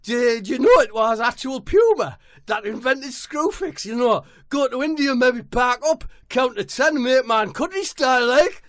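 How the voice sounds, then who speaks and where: A high, squeaky young footballer blurts everything out at full volume, as a man puts him on. The voice is bright and thin, and it is recorded dry and close. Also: animated, normal speed, hardly any pauses, no room sound. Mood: excited. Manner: shouty and squeaky. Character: excitable high-pitched young footballer, loud.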